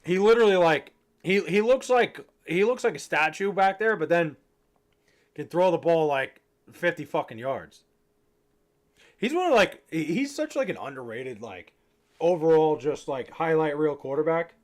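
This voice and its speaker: A young man, a bit tipsy, casually chats with his stream in a rambling, profane, joking manner. His voice is fairly high and expressive, at normal speed.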